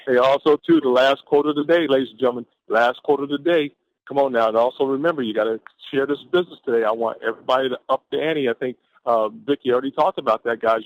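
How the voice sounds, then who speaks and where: A fired-up man reads inspirational quotes with emphatic energy and slows down to land each one. His mid-pitched voice comes through a dull lo-fi phone line, close and dry. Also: no echo. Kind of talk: reading motivational quotes on a call.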